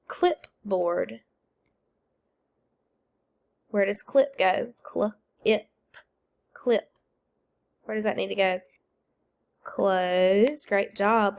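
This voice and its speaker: Though she's feeling unwell, this teacher guides kids through a video phonics lesson, her mid-range voice marked by vocal fry. She drills them call-and-response style, calling out words and praising what they answer.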